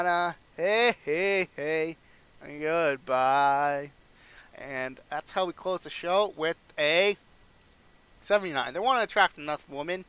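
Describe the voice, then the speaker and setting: A young man who hosts a gaming channel casually narrates a wrestling management game playthrough, rambling and acting out the characters' lines. His voice is fairly high, a bit bright, and smooth.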